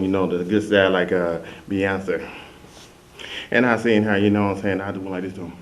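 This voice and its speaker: A man's voice: fairly low pitch, a little mellow. A young man from Dayton, Ohio, delivering a boastful, rambling comic monologue to camera. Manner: boastful, rambling, talks to the ladies. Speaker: comic host.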